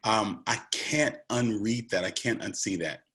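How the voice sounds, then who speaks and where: Male presenter, lowish voice, earnest and emphatic, conversational online talk. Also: a little slow, a bit bright.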